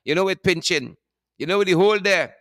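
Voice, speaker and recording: Guyanese male host, chatty and repetitive, slightly high voice, close dry sound. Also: brisk, fairly bright tone, no echo. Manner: chatty, repeats phrases, laughs often. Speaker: show host. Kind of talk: casual live-stream chat, greeting viewers.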